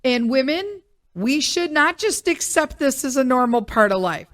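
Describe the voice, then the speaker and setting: A middle-aged woman hosting a podcast alone, chatting in an animated, joking way with loud emphatic asides, her voice still recovering from being sick. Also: high-pitched, moderate pace. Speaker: podcast host. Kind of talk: casual solo podcast monologue.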